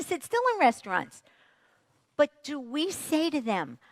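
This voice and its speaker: A woman's voice: high voice, measured pace, dry recording. A woman, a parenting expert, giving a motivational stage talk and asking the audience questions. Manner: animated, asks the audience questions.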